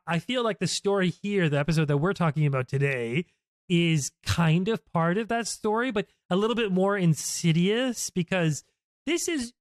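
A man's voice: a little high, no room sound. A man hosting a podcast in casual political chat, rambling with many fillers and restarts. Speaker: podcast host. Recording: dry close sound.

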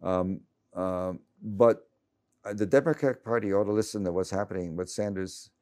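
Cranky seventy-something male journalist, deep and mellow, stammering and rambling as he talks. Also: normal speed. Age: 70s. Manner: rambling, many restarts and stammers. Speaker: journalist guest. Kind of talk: conversational interview.

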